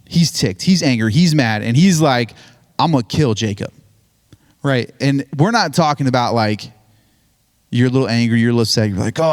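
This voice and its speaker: A man giving a casual, joking sermon, retelling a Bible story with lots of "like" and "right?". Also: mid-range voice. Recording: hall reverb on voice.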